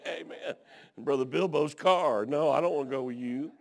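A man's voice: on the high side, slow, vocal fry. A middle-aged man, preaching a sermon in a folksy, colloquial, fervent storytelling style.

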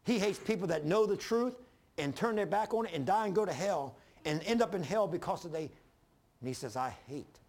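A man preaching a fervent sermon as pastor, swinging from loud emphasis to hushed lows and calling on the congregation to answer. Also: lively intonation, fairly quick. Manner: calls for congregation responses.

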